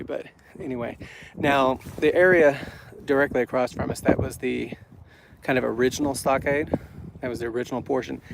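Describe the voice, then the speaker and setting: A man's voice: medium pitch, vocal fry. A man from Florida giving a chatty walking tour outdoors in the cold, out of breath from climbing a hill, with many fillers and restarts. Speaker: travel vlogger and guide. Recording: noisy outdoor camera audio.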